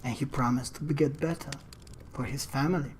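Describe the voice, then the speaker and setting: A storyteller retelling a short story in their own words, haltingly, with restarts and pauses. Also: mid-range voice, a little mellow, a little hiss or hum.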